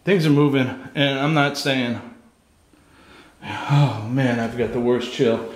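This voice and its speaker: Nervous guy ghost hunting alone in an old empty house, slow talker, cusses a lot. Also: mid-range voice. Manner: nervous and jumpy, swearing. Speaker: paranormal investigator vlogger. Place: inside an abandoned house.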